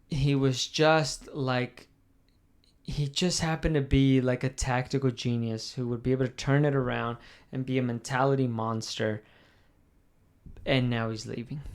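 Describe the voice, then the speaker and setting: A young man hosting a casual chat, rambling and swearing in mock mourning. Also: mid-range voice. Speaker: podcast host.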